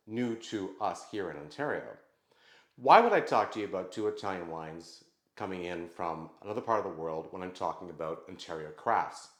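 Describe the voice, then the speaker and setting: A man's voice: sits low, lively intonation, a little fast. A man hosting his own vlog, explaining wines to the camera in a casual, conversational way. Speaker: vlog host. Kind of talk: casual talk to camera about wine. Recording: echoey room.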